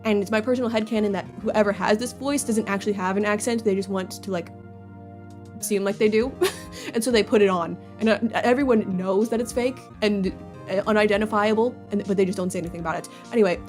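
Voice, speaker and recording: A woman's voice: mid-range voice, quick pace, darkish tone, soft background music. A young woman chatting casually and rambling with lots of fillers as she plays through a game. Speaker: let's play host.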